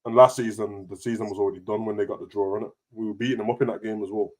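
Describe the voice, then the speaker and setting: A young man hosting a football podcast chats casually at a rapid clip, full of street slang. His banter is animated, and his pitch leaps high when he gets worked up as he rattles off his points.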